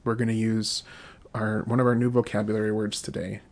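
A man teaching a podcast language lesson, saying each phrase slowly several times, then giving the meaning and explaining the grammar in a relaxed, casual way. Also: on the low side. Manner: slow, repeated drilling of phrases.

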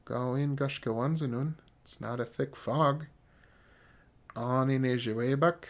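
Male language teacher, relaxed explainer, works through examples. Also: mid-range voice. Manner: casual, explains slowly with examples. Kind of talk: language lesson.

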